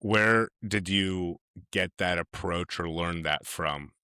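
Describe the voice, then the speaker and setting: A man's voice: low-pitched, slow pace, pushed and bright, clean tone, no echo, studio quality. A man hosting a casual podcast interview, chatty and leaning on tag questions. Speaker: podcast host.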